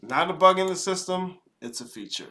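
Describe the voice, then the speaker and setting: A man's voice: high-pitched, expressive, a little fast, pushed and bright. A man hosting commentary, lecturing bluntly and swearing freely. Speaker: host. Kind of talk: commentary over a played podcast clip.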